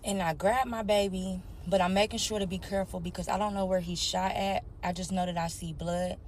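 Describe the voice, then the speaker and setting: Speaking a little fast in a lowish, darkish voice with fairly even intonation, a young adult woman tells her personal story candidly. She addresses her listeners directly as y'all, and there's a slight hiss or hum in the background.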